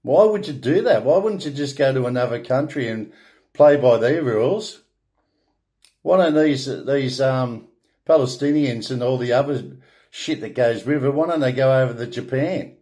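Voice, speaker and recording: An Australian man talking in a loose, rambling monologue, blunt and opinionated, with swearing and frequent restarts. His voice is mellow and darkish, sitting at an ordinary male pitch. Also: lively intonation, normal speed. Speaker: vlogger.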